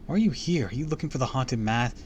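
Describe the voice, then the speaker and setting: A man's voice: mid-range voice, animated, fast, slight background noise, voice pushed up, lightly acted. A man reading aloud and voicing a frightened young girl who accuses and pleads urgently. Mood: pleading. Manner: urgent, pleading, often shouting.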